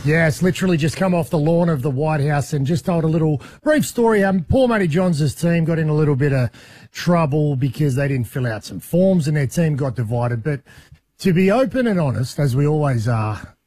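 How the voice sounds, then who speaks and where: An Australian man spins a long, rambling yarn on a talk show, laughing as he goes. His voice sits a little high and sounds husky. The sound is dry and close. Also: animated, normal speed, darkish tone, no room sound. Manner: rambling storyteller, laughs through his tale. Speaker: radio show regular reporting from abroad. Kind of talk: casual chat.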